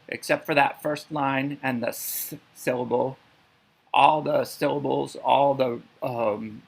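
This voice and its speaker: A man's voice: medium pitch, creaky, fairly bright tone, husky, low-quality recording. A man giving a methodical language lesson, pronouncing syllables one by one. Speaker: language teacher. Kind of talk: instructional lecture.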